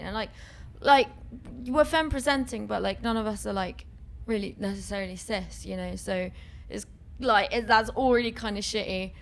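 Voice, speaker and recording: A woman's voice: mid-range voice, moderate pace, creaky, slight background noise. A young woman from a band talks in loose, rambling chat, filling her sentences with "like" and the odd swear. Faint festival ambience sits behind her voice. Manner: rambling, filler-heavy, swearing. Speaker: band member, interview guest. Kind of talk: casual chat.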